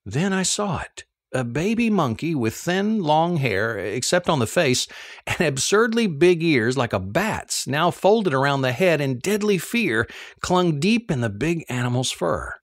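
A man's voice: on the high side, unhurried, no room sound. Guy reading a first-person story, voice swings up and down a lot, dry close sound. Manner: expressive, animated storytelling. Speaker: audiobook narrator.

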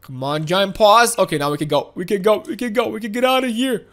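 A woman giving excited let's-play commentary, giggly and excitable with frequent laughs and exclamations. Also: medium pitch, brisk. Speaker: gameplay commentator.

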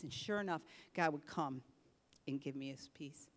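An older woman pastor preaching a sermon with animated delivery, dropping to a hush and then rising to force. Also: on the low side, moderate pace. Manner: animated preaching, swinging between hushed and forceful. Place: church sanctuary. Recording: reverberant church hall.

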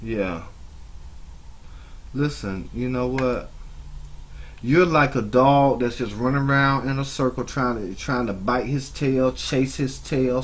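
A man with a husky, slightly breathy voice delivers mocking reaction commentary. He scolds his target and drifts into long, drawn-out asides. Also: mid-range voice. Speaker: YouTube commentator.

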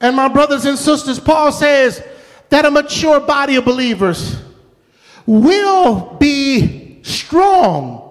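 A man's voice: very high voice, normal speed, fairly bright tone. A middle-aged man preaching a storytelling sermon with a folksy, repetitive cadence. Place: church sanctuary. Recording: long church hall reverb.

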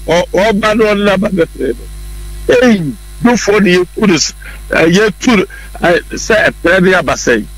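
A Ghanaian political commentator argues emphatically on a talk show, repeating his points and mixing in English words. He has a high-pitched, slightly bright voice, and the recording is low quality.

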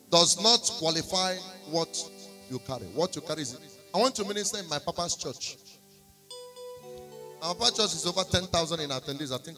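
A man with a Nigerian accent preaching a sermon in church, telling a testimony and slipping into pidgin. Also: sits high. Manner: storytelling, slipping into pidgin, rising to shouts and singing. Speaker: prophet preaching. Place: church service.

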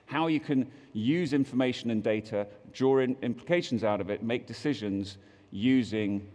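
A man's voice: mid-range voice, normal speed, dark tone, in a large hall. A man with a British accent giving a conference keynote, a joking presenter who reads out quotes in mock voices. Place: large conference hall.

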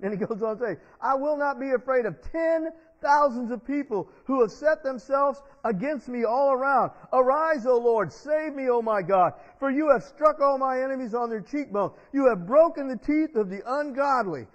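Man, pastor, very high voice, call-and-response sermon, long church reverb, dull lo-fi sound. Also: animated, moderate pace, hardly any pauses. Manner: call-and-response preaching with the congregation. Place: church sanctuary.

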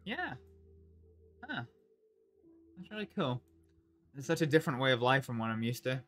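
A Scottish man roleplaying live on a game stream, chatting with many fillers and pauses. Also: medium pitch, big pitch swings, a bit bright. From Scotland.

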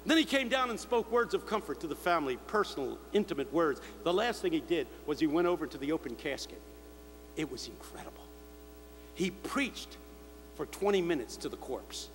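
An older man preaching a sermon to a big crowd, telling stories and acting out the shouts of others. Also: on the high side, big pitch swings, fairly quick. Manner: storytelling, mimicking shouts of others. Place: large convention hall. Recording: echoey hall with faint hum.

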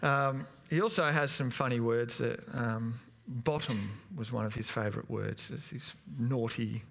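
A man in his thirties preaches a sermon in a church, in a voice of middling pitch. He tells stories in a loose, chatty way, pausing on fillers and restarting sentences. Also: creaky, a bit bright. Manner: chatty, anecdotal, hesitant with many fillers. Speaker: pastor.

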